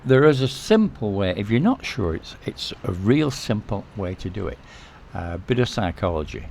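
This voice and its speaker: Lowish guy vlogging, laid back advice, repeats stuff and keeps saying okay?. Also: creaky, slight background noise. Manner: relaxed, repetitive, keeps checking in with "okay?". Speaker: vlog host. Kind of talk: casual advice talk to camera.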